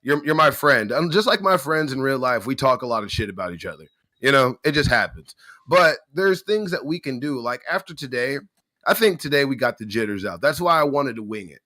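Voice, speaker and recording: Lively man, saying "like" a lot. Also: mid-range voice, fairly quick, no room sound. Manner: animated, says "like" a lot. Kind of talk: casual streamed chat.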